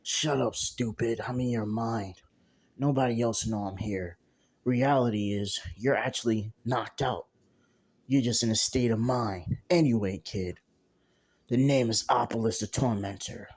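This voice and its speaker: A man's voice: mid-range voice, unhurried, a little mellow. A man voicing a huge ancient male monster who is cocky and teasing, with a mocking way of talking in a storybook retelling. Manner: mocking, calls him kid.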